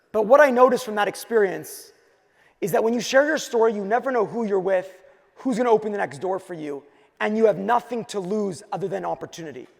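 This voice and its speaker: A man from Quebec giving an energetic keynote talk at a conference, telling his story in punchy short phrases. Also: high voice, gravelly. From Quebec, Canada. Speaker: conference speaker. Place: large conference hall. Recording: hall reverb.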